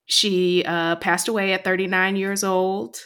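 A woman co-hosting a podcast in a studio, speaking in a measured, hesitant way with frequent fillers. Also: mid-range voice, little pitch movement, a bit bright, smooth. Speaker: podcast co-host. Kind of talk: casual chat.

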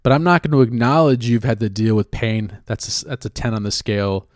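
A man's voice: medium pitch, fairly quick, dry recording, studio quality. Sarcastic, profane man from California. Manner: sarcastic, profane, rambling with many restarts. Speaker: actor and writer. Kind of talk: casual chat.

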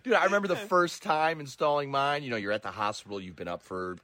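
A man co-hosting a casual podcast, joking and chiming in with quick reactions. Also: medium pitch, bright, forceful tone, no room sound. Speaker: podcast co-host. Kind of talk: casual chat.

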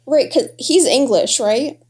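Animated woman telling stories. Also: high voice, unhurried, slight background noise. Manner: animated storytelling, acts out quotes. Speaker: podcast co-host. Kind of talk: casual chat.

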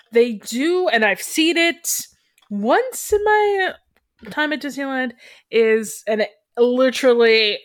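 A woman's voice: on the high side, dry recording. Chatty woman co-host, dry close sound. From western Canada. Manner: chatty, trails off and restarts mid-thought. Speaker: podcast co-host. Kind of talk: casual chat.

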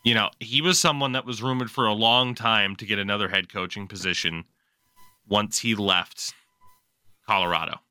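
A man's voice: on the low side, fairly even intonation, normal speed, sharp tone, clear, resonant tone, no echo. A man hosting a podcast, chatting casually about sports and joking often with a bit of profanity. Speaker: podcast host.

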